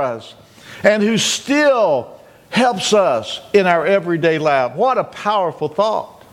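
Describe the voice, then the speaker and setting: A man's voice: high-pitched, lively intonation, measured pace. A male pastor preaching a communion sermon, retelling scenes dramatically and acting out joyful cries. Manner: dramatic, acts out shouted cries.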